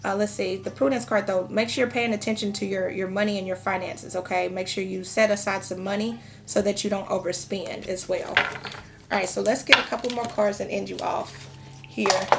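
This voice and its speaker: A woman's voice: medium pitch, steady tone, moderate pace, vocal fry, heavy background noise. A woman in her thirties giving a casual tarot reading, talking frankly and chatting with lots of fillers. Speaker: tarot reader.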